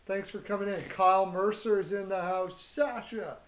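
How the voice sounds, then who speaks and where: A man's voice: sits high, steady tone, normal speed, a loud crowd. Upbeat, jokey man hosting a chat show. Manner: upbeat, loose, jokey, shouts out viewers. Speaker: show host. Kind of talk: casual hockey chat show.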